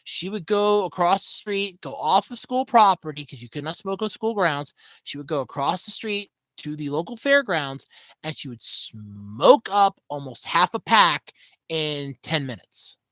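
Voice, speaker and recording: A woman's voice: deep voice, expressive, a little slow, fairly bright tone, no echo, poor audio. A woman hosting a solo podcast from home, telling a story in a chatty, sarcastic way. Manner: chatty and sarcastic, with swooping emphasis. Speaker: podcast host.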